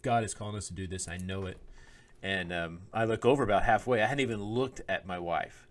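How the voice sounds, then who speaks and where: A man's voice: fairly low pitch, brisk. A man co-hosting a podcast, telling a personal story in casual chat, acting out quoted lines and laughing often. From Oklahoma. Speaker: podcast co-host, minister. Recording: podcast microphone.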